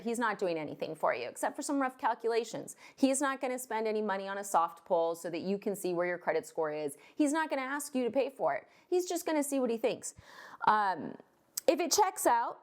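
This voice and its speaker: A woman loan officer ranting to camera in a vlog, blunt and fired up, swearing now and then. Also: medium pitch.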